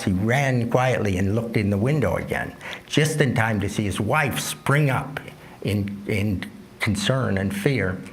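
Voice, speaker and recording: Brief: middle-pitched male teacher, gravelly, unhurried storytelling at a dharma talk, faint background noise. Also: a bit bright. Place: talk at a retreat center.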